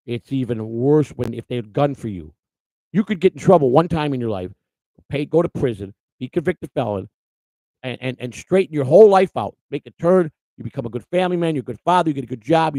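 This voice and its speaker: A man hosting a livestream, talking in a loose, blunt ramble that keeps restarting sentences. His voice has a gravelly fry at a middling pitch. The sound is close and dry. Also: dark tone, no echo, rough recording. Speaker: host. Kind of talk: casual livestream monologue.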